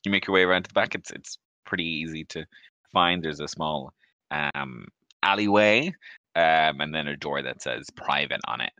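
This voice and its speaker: A man narrating a tabletop game as game master, with a very low but bright, forward voice. Casual and relaxed, with lots of ums, in a dry, close recording. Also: moderate pace, no echo, dull audio.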